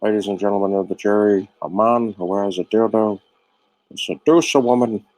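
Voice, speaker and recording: A man putting on a pompous male prosecutor addressing a jury in a slightly lower voice. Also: normal speed, darkish tone, no room sound, close to an everyday voice, low-quality recording. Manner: pompous, orating.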